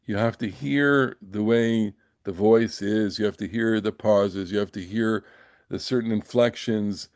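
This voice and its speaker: Older man teaching Torah, low, dry. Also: a little mellow, no echo. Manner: halting, full of fillers and restarts; reads Hebrew verses slowly, then translates. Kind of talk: Bible class lecture with Hebrew reading.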